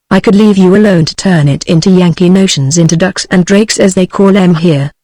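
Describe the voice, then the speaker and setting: A text-to-speech woman's voice with a British English accent, reading a novel aloud at a measured, steady pace. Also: on the low side, dry recording. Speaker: audiobook narrator.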